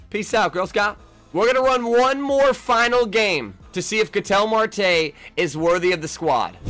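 A young man giving live, trash-talking commentary on his own baseball video game, jumping between low mutters and sudden yells. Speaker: gaming YouTuber.

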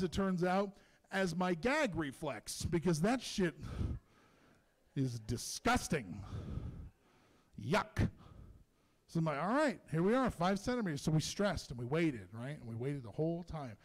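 High-voiced man doing stand-up. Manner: profane, animated storytelling. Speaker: stand-up comedian. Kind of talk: stand-up comedy set. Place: comedy club stage.

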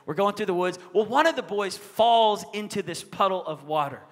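A man's voice: high-pitched, normal speed. A middle-aged male pastor preaching a sermon in a church, with emphatic call-and-response and prayer. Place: church sanctuary on a stage. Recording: reverberant church hall.

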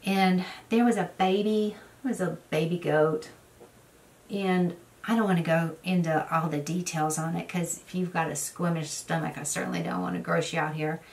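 A woman's voice: fairly low pitch, steady tone, moderate pace, gravelly, darkish tone, distant mic. Rambling woman vlogger. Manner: rambling storyteller, many fillers. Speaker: beauty vlogger. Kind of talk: casual get-ready-with-me chat.

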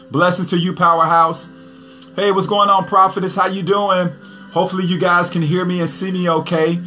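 Man, upbeat pastor and prophet welcoming livestream viewers, forceful bright tone. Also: a little high. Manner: upbeat, chatty, repeats greetings.

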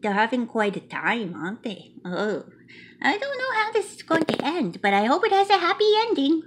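A woman storybook reader voices a cute, chatty little male mouse who reads a picture book aloud, cheerful, childlike and playful, with broken grammar. Her high voice swings hugely in pitch at normal speed, against a noisy background.

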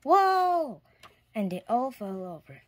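A woman reading a children's picture book aloud in a clear storytime manner, now and then dropping to a whisper. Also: mid-range voice, lively intonation, takes it slowly, slight background noise. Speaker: storybook reader.

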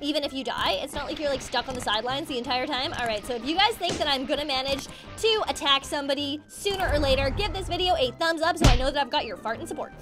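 A young woman giving excited, bubbly commentary while playing a game, gasping and squealing often. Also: high voice, fast talker, few pauses. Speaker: gaming channel host. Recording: game music playing behind.

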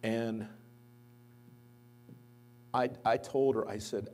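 A man's voice: lowish voice, a little slow, a little hiss or hum. A man, likely a pastor, giving a eulogy at a church memorial service, telling anecdotes and livening up when he quotes others. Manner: anecdotal storytelling, lively when quoting others. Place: church sanctuary.

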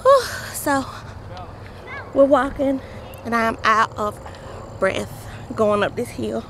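A woman's voice: mid-range voice, a little slow, vocal fry, pauses often, fairly bright tone, slight background noise. A pregnant woman chatting playfully in a casual family vlog, filmed on a handheld camera. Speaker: vlogger.

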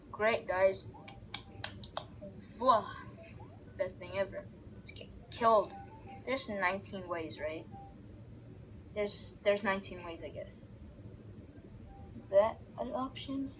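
A young woman giving rambling, excitable let's play commentary as she narrates a game aloud. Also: medium pitch, slight background noise, rough recording. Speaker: gamer.

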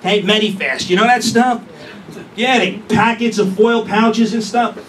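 A man's voice: high-pitched, fairly even intonation, measured pace, a bit bright. A man doing a crude, brash stand-up comedy set, recorded on a distant mic with room noise. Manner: brash, crude, punchy delivery.

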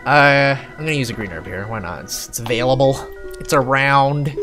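Over game music, a live-streamer plays a horror video game while offering casual, jokey commentary at a moderate pace in a mid-range voice. They swear offhandedly, laugh a lot, and chat with viewers.

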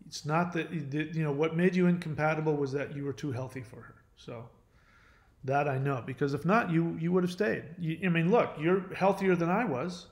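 A man's voice: fairly high pitch, roomy sound. A man hosting his own channel, talking earnestly and confidingly to the viewer in a casual way, often restarting and trailing off. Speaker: channel host. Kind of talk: casual personal talk to camera.

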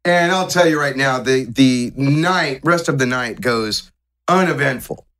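A man's voice: mid-range voice, a little slow, fairly bright tone. A man acting as game master, narrating a tabletop game in a laid-back way and laughing along with his players.

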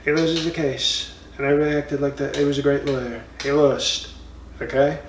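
A man's voice: on the high side, fairly even intonation, fairly quick, distant mic, a little hiss or hum, close to an everyday voice. A man doing a comic impression of a blustering former president in a boastful, rambling monologue full of insulting nicknames, recorded in a roomy space.

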